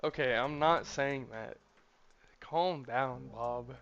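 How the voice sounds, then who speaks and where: A man's voice: medium pitch, takes it slowly, fairly bright tone, muffled recording. A man chatting casually to his live-stream chat while coding a game, a little defensive. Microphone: desk mic, input gain changed. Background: faint music, room fan.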